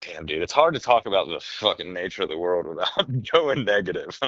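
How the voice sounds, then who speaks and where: A man in casual podcast chat, telling rambling, animated stories and swearing often. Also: low-pitched, a little fast, no echo, lo-fi sound.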